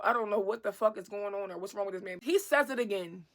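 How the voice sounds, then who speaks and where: A young woman telling a casual storytime, animated and swearing freely, laughing as she goes. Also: medium pitch, a little fast, hardly any pauses.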